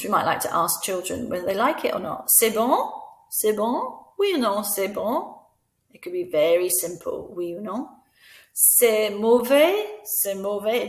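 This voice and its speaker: A woman talks teachers through a French lesson in a patient, instructional voice-over. She sounds out the French words slowly and clearly, and her voice carries a noticeable room echo. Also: lowish voice. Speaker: teacher trainer.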